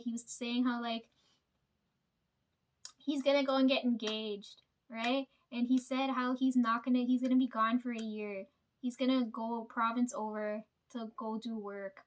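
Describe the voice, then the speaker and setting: A young woman with a fairly high voice tells a long story casually, as if talking to friends. She rambles and swears freely, and keeps checking in with her listeners. Her delivery is loose and unpolished. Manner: rambling, profane, fillers like "right?" and "like". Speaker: vlogger.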